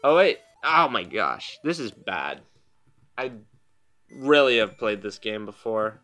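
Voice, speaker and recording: Young man, let's play commentary, bright voice, self-mocking jokes, faint game music behind. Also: fairly low pitch, big pitch swings, takes it slowly. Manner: joking, self-deprecating, laughs often. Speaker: gaming channel host. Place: home room.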